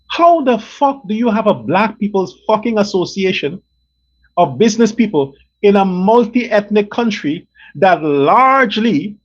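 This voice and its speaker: A man hosting his own show, delivering an angry, profane political rant that repeats and hammers on words. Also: high voice. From Guyana. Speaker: show host. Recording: dull lo-fi recording.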